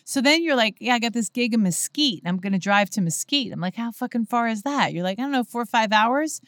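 Animated woman telling comedy stories. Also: fairly high pitch, fairly quick, no room sound, studio quality. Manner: animated storyteller, acts out quotes, laughs often. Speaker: comedy club manager, podcast guest. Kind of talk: casual storytelling chat.

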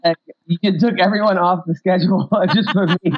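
A man's voice: high voice, fairly even intonation, normal speed. A man recalling comedy gigs in an easygoing casual chat, chuckling as he talks. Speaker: stand-up comedian, podcast host. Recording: dull lo-fi sound.

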